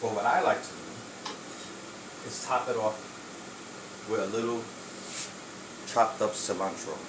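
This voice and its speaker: A man's voice: fairly low pitch, unhurried, noisy background. Chatty man hosting a home cooking vlog. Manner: chatty, enthusiastic, talks while eating. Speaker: cooking channel host.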